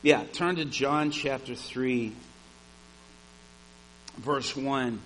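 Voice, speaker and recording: A man preaching a sermon, telling a story with animated energy. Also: mid-range voice, drawn-out words, slight background noise, poor audio. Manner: animated storyteller, shouts at the climax.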